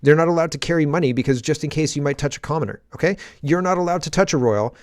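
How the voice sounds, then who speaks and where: A man's voice: fairly high pitch, fast, darkish tone, no room sound, studio quality. A man hosting a political commentary show, talking in a rambling, sarcastic monologue with frequent laughs.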